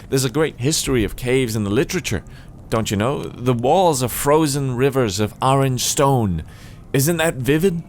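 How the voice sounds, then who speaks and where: A man reading game dialogue as a rambling, flustered cave writer who talks in high, excited bursts and keeps restarting his sentences. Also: slight background noise, lightly acted. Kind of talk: voice acting a game's dialogue.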